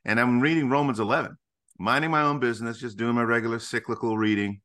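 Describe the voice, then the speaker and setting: A middle-aged man, a ministry founder, talking as a guest in a podcast interview with emphatic, animated, preacherly storytelling. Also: mid-range voice, fast talker.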